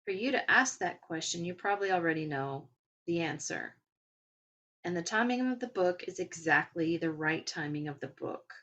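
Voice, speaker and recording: A woman hosting a podcast, talking in a gentle, encouraging and rambling way as she comments on spiritual topics. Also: on the low side, expressive, moderate pace. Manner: rambling, with filler words. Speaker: podcast host.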